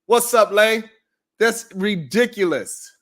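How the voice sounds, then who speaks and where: A man's voice: high-pitched, slow pace, fairly bright tone. A man hosting a live stream, ranting in heated, profane reaction commentary.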